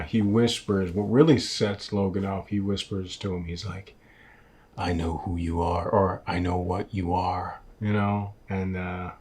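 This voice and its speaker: A relaxed man with a fairly low voice talks through a movie podcast over a video call. He rambles along with plenty of fillers. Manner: laid-back, rambling, many fillers. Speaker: podcast co-host. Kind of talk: casual film podcast chat.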